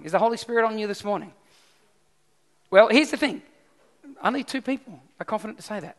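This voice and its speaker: A male pastor preaches in a bright, forceful tone, his high voice ringing with a long hall reverb. He keeps the sermon lively and keeps asking the congregation questions. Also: a little fast. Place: church hall.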